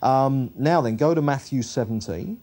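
A man's voice: mid-range voice, normal speed, mellow. A man teaching a Bible study, reading scripture aloud and then explaining it conversationally, with frequent fillers and self-corrections. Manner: corrects himself on the fly, with frequent ums and uhs.

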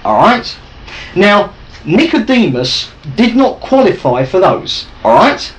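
A man teaching from the Bible in a lively, conversational way, often checking in with his listeners. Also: sits high, slow, low-quality recording. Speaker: preacher.

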